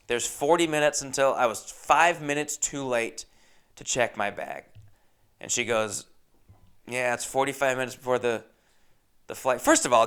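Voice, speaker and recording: Young guy on a podcast ranting through a travel story, smooth clear voice, mid pitch, cusses a lot. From Los Angeles. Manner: animated, acts out other people's lines, swears freely. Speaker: podcast host. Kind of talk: casual storytelling monologue.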